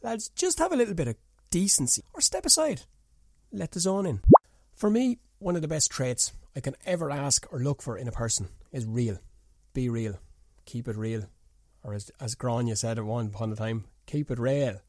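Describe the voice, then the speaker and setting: A man's voice: lively intonation, moderate pace, dry recording, clean studio sound. A man delivering an opinionated boxing monologue, ranting indignantly with rhetorical questions. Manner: indignant, rhetorical ranting with sharp pitch jumps. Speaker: boxing pundit.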